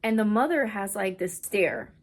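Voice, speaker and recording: A young adult woman chatting casually in a book vlog, retelling a story in an excitable way full of "like". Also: mid-range voice, normal speed. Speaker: book vlogger. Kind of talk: casual reading vlog chat. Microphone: camera on a stand, not handheld.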